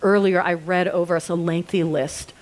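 A woman's voice: on the low side, steady tone, darkish tone. A woman preacher giving an earnest altar call and prayer to a church gathering. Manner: earnest, slow deliberate reading at times. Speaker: women's ministry preacher. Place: church with online viewers.

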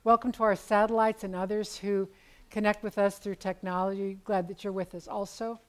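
A woman's voice: medium pitch, flat delivery, a little fast, rough recording. Woman, 70s, Bible study teacher; candid, conversational storyteller with dry self-deprecating humor.

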